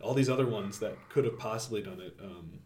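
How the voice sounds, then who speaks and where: A man's voice: fairly low pitch, brisk, a little mellow. A man co-hosting a casual podcast chat, rambling with many fillers and restarts. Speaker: podcast co-host.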